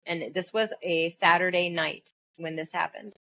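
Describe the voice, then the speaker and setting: A middle-aged woman giving an earnest, animated personal testimony, telling her story with bursts of alarm. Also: on the low side, normal speed, lo-fi sound. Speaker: testimony speaker.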